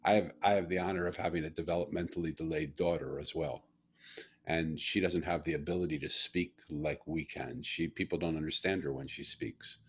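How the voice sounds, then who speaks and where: Husky low-voiced man telling a story. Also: fairly quick. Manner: earnest, animated when retelling. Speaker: guest. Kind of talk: casual conversation, storytelling.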